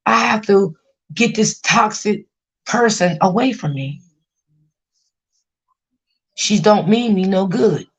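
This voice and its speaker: A woman's voice: medium pitch, slow pace, long pauses. A woman hosting a casual livestream, venting about family and reassuring her chat viewers, often repeating herself. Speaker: livestream host.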